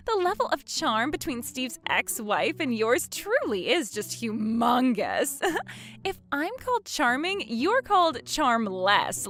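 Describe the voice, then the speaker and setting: A woman's voice: on the high side, a bit bright. A woman voicing a brazen young mistress who mocks and laughs at the wife she has wronged. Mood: smug. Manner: laughs at others, sing-song and scornful. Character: brazen mocking young mistress, smug and taunting.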